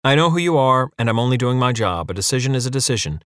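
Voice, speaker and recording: A man voicing a calm, superior male council official who talks down to people. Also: medium pitch, quick pace, smooth, no echo, clean studio sound, close to an everyday voice. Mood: smug. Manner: superior, unwavering.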